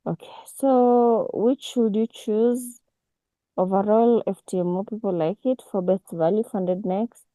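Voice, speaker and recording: A woman, teaching a casual online forex class over a video call, unhurried and full of restarts. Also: medium pitch, dark tone, no echo, low-quality recording. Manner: unhurried, with many restarts and fillers. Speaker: forex mentor.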